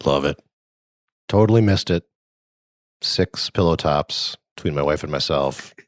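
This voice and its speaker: A man's voice: very deep voice, measured pace, no echo, clean studio sound. A man hosting a casual podcast, telling rambling stories and laughing as he goes, talking over a remote call. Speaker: podcast host. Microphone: remote call setup.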